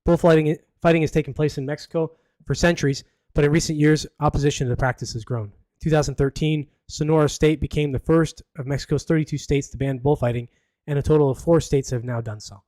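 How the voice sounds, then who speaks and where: A man's voice: on the high side, steady tone, quick pace, a little mellow, no room sound. Sarcastic man with a dry close sound. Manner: sarcastic, rambling, reads news aloud with asides. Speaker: podcast host. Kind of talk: casual live podcast commentary.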